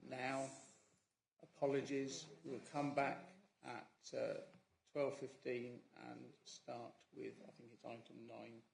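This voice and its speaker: A man's voice: mid-range voice, flat delivery, takes it slowly, vocal fry. A man chairing a council planning meeting, speaking with fillers and self-corrections at a desk microphone. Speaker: committee chair. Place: council chamber. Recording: echoey council chamber with faint room noise.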